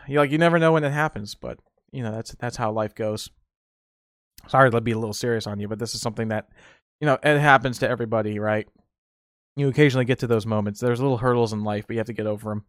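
A man's voice: medium pitch, fast, clear, resonant tone, dry recording, studio quality. Rambling man telling stories. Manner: rambling, repeats and restarts words. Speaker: podcast host. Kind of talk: casual solo storytelling.

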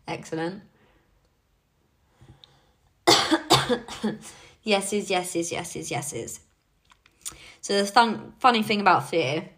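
A young woman leading her team in a casual motivational talk, chatty and encouraging, with frequent fillers. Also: on the low side. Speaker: team leader.

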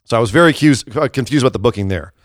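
A man's voice: mid-range voice, lively intonation, very fast, no room sound, clean studio sound. A man co-hosting a podcast, chatting casually and animatedly about wrestling, often laughing and acting out quotes. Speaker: podcast co-host. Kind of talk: casual wrestling recap chat.

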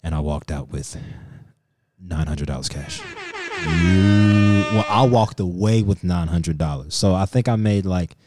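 With a low-pitched voice at a moderate pace, a male podcast co-host casually relates a profane story, acting out what people said with animation. Background noise can be heard.

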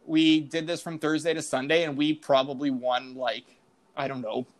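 A young adult man, a sports betting editor appearing as a podcast guest, tells a story casually and rambles with many fillers and quoted asides, saying "like" and "I'm like" a lot. His voice is on the high side with little pitch movement, at normal speed.

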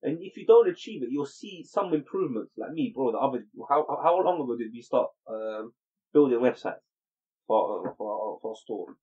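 A man's voice: medium pitch, animated, moderate pace, warm tone, breathy edge. A man, chatting as podcast co-host, slangy and motivational. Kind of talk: casual chat. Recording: dull lo-fi recording.

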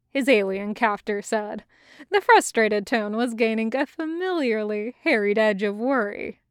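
A woman narrates a fan fiction audiobook at a slow, even pace. Her voice sits fairly high and sounds smooth and clear. The recording is dry and close. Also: no room sound. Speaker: podfic reader.

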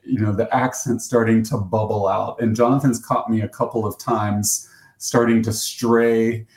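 A man with an American accent co-hosting a podcast in casual chat, self-deprecating and halting with fillers. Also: lowish voice, flat delivery, darkish tone. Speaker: podcast co-host. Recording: roomy echo.

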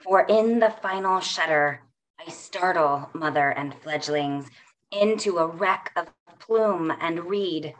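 A middle-aged woman poet gives a poetry reading in a lowish voice. She takes her time over every line, measured and unhurried, with soft pauses between phrases.

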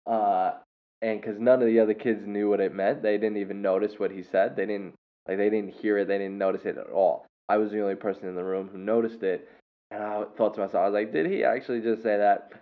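A man's voice: fairly low pitch, fairly even intonation, a little fast. Tinny-sounding man rambling casually. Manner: rambling, with many fillers and self-corrections. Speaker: podcast host and English teacher. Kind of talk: casual storytelling monologue.

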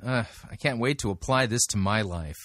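A man's voice: lowish voice, moderate pace, fairly bright tone. A man hosting a show and commenting sarcastically on a sermon clip. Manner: sarcastic, dry. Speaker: host.

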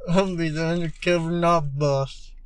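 A man's voice: a little high, steady tone, normal speed, smooth. A man co-hosting a podcast, goofing around in casual chat and riffing on silly made-up names. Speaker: podcast co-host.

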